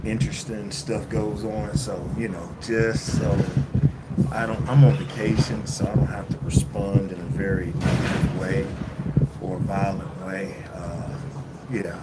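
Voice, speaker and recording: A man livestreaming casually from his phone while traveling, rambling and halting with many fillers and restarts. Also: fairly low pitch, flat delivery. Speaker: vlogger livestreaming. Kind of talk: casual live-stream chat. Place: indoors at a lodging while traveling. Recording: loud background noise.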